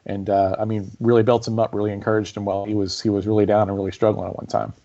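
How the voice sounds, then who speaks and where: A man's voice: lowish voice, quick pace, vocal fry, lo-fi sound. A man, a guest author on a podcast, telling stories animatedly with plenty of fillers and restarts. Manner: animated storyteller, many fillers and repeats. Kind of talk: conversational storytelling on a podcast.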